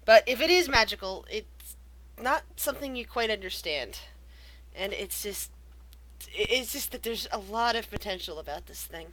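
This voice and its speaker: A woman's voice: medium pitch, animated, moderate pace, fairly bright tone, low-quality recording. A woman narrating a tabletop game as game master, describing scenes in an eerie storytelling way.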